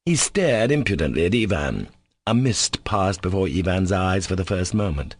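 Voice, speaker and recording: A man narrating a classic novel as an audiobook in a measured, even reading. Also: low-pitched, slightly rough, no echo.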